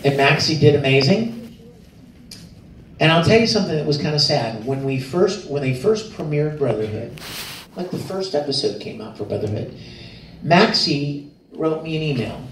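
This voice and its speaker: Animated man telling stories in an echoey hall. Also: normal speed. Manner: animated, laughing, acts out quotes in high voices. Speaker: convention panel guest. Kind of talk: storytelling to a live audience. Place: convention panel room. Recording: echoey hall from far off, faint noise.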